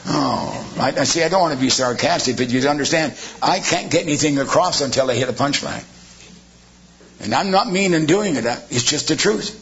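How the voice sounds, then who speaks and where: A man's voice: fairly high pitch, lively intonation, fairly quick, a bit bright. A man preaching a sermon, firing off rhetorical questions with sarcastic asides. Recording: dull lo-fi sermon recording.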